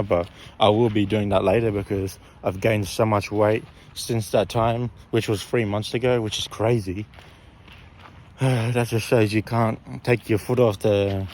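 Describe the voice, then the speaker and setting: A man's voice: fairly low pitch, a little mellow, a little hiss or hum. A young man telling a story in a casual, rambling way, often repeating and correcting himself.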